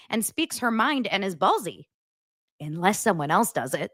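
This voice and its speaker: Brief: sarcastic woman hosting a gossip show, animated delivery, dry close sound. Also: medium pitch, normal speed, no echo. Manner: chatty, sarcastic, laughs often. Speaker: host. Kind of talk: casual celebrity gossip commentary.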